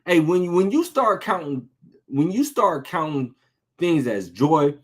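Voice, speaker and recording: A man's voice: a little high, big pitch swings, measured pace. A man preaching an informal sermon, talking conversationally, repeating phrases for emphasis and asking rhetorical questions.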